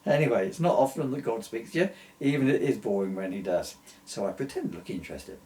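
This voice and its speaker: A man's voice: on the low side, lively intonation, quick pace, warm tone. A man voicing Noah as a complaining, sardonic old man in a comic story. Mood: grumbling. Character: Noah, grumbling old boat-builder.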